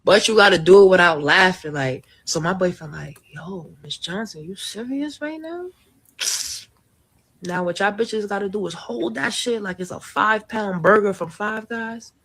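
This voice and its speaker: Brief: woman with mid-range voice, brash storyteller, slang, profane and animated. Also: medium pitch, moderate pace, hardly any pauses, faint music behind. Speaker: social media content creator. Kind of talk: storytime monologue.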